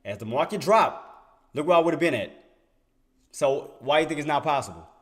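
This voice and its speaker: A man's voice: a little high, lively intonation, brisk, fairly bright tone. A young adult man giving casual, emphatic commentary on trading charts, repeating himself and firing rhetorical questions at his viewers. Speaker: day trader streaming market commentary. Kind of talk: casual screen-share commentary.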